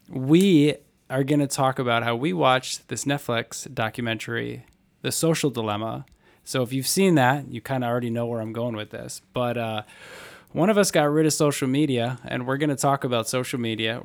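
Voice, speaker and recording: A man's voice: medium pitch, vocal fry. A young man hosting a running podcast, upbeat and joking, telling a sponsor anecdote in a casual chat. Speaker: podcast host.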